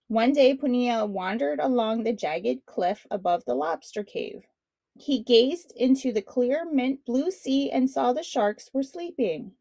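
A woman's voice: on the high side, expressive, measured pace, gravelly, dark tone, no echo. A woman reading a children's picture book aloud as a read-along host, in a friendly storytelling manner. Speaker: storybook reader.

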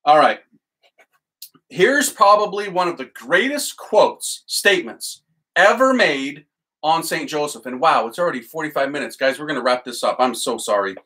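A man, a priest, teaching with excited enthusiasm and leading a chanted litany. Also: fairly high pitch, normal speed, poor audio.

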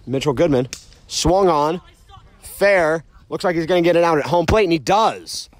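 A young man calls an amateur ball game outdoors with a fairly high-pitched voice. He jokes between pitches and breaks into shouts when the ball flies. His commentary is loose and casual. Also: moderate pace, dry recording. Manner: joking, excitable, shouts on big hits. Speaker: play-by-play commentator. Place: outdoors at a backyard ball field.

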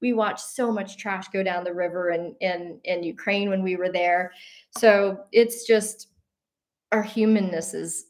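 A woman hosts a talk show in a loose, unscripted monologue. She speaks earnestly and rambles, often restarting her sentences and leaning on fillers. When she tells stories she grows animated and slips into laughter. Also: mid-range voice, measured pace. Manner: animated when telling a story, breaking into laughs.

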